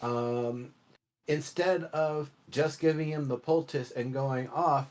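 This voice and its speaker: A man co-hosting a casual discussion, ranting with wry, animated complaints. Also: medium pitch, slow pace. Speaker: podcast co-host.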